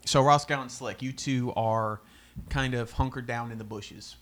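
A man narrating as game master in a tabletop game, relaxed and quick to laugh. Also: mid-range voice. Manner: relaxed, laughs often, easygoing.

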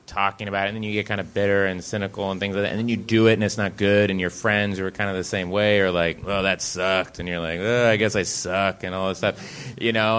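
A man's voice: fairly low pitch, fairly bright tone, slight background noise. A man on a live panel before an audience, rambling casually, laughing often and mimicking voices with swearing. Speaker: comedic performer on a live panel. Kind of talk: casual stage conversation.

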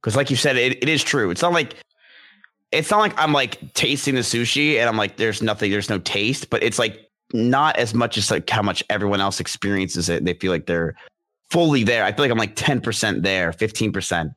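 A man's voice: fairly low pitch, brisk, sharp tone. A young man talking casually and rambling, with many restarts and fillers. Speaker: podcast guest discussing ADHD. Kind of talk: casual conversation.

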